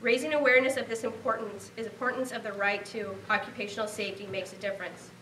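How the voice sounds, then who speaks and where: A woman's voice: on the high side, fairly even intonation, quick pace, sharp tone, reverberant, distant mic, a little hiss or hum, low-quality recording. A woman in her thirties from Nebraska giving a heartfelt award acceptance speech, earnest and grateful. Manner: heartfelt, earnest, speaking of a lost relative.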